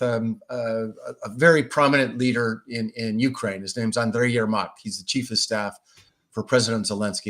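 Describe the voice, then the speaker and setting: A man's voice: mid-range voice, fairly bright tone. A middle-aged man answering interview questions in a thoughtful way, with frequent restarts and fillers. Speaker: guest, Russia expert.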